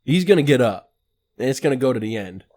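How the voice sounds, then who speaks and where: A man co-hosts a podcast with animated, quick-burst talk. He swears freely in loose banter, with a voice of middling pitch. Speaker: podcast co-host. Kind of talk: casual chat.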